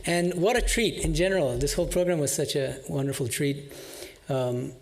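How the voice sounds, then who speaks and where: A man's voice: a little high, normal speed, gravelly. A man moderating a program, fluently summing up the talks and thanking the speakers before introducing the next speaker. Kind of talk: formal closing remarks.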